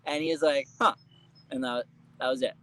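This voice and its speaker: A man's voice: medium pitch, fairly even intonation, fairly quick, low-quality recording. A young adult man telling family stories as an interview guest, chatty and laughing often, with casual swearing.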